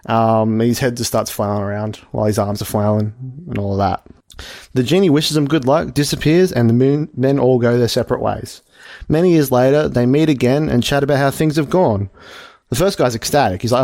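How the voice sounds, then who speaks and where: A man's voice: medium pitch, brisk, darkish tone, no room sound, studio quality. A young man co-hosting a comedy podcast, telling a long joke in a rambling, giggly way with lots of fillers and asides. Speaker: podcast co-host. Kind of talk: casual comedic chat, retelling a joke.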